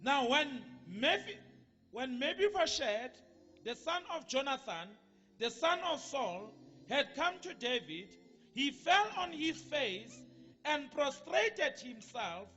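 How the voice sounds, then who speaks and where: A South African man reading scripture aloud in church, slow and careful, stumbling over names. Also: very high-pitched, big pitch swings, pushed and bright, big-room sound, muffled recording, soft background music.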